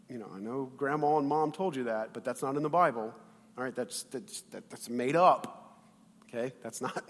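A male pastor delivers a sermon in an animated, conversational way, jumping from loud bursts to quiet asides and acting out the quoted voices. His voice sits a little high for a man. The sound carries a long reverb, as in a church hall.

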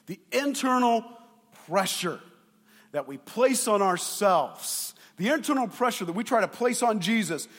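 Animated male pastor preaching. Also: high-pitched, unhurried, in a large hall. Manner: animated and playful, acts out voices. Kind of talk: sermon.

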